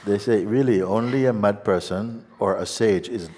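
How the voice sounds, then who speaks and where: Very deep-voiced male spiritual teacher. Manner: gentle, unhurried, laughs often. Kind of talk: satsang teaching. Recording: long hall reverb with faint ambience.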